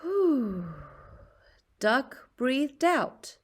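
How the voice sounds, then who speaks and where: A woman reading a children's picture book aloud in a slow, expressive storyteller's voice. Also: mid-range voice.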